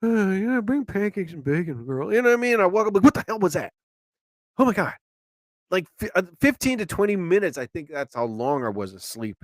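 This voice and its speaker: A man's voice: high-pitched, brisk, no echo. A man hosting a live show, rambling through everyday stories and acting out the quotes. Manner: animated storyteller, acts out quotes. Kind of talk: rambling solo chat.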